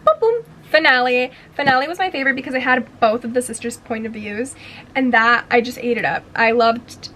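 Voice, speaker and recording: A woman's voice: fairly high pitch, steady tone, fairly quick, bright, forceful tone, slight background noise, poor audio. Gushing, slangy young woman reviewing books. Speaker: book vlogger. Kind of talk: casual book review.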